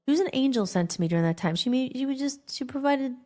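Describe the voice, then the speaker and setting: Woman, podcast host, personal story, rambling, animated, fairly high pitch. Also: fast. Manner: rambling, animated, acts out quoted dialogue with filler "like".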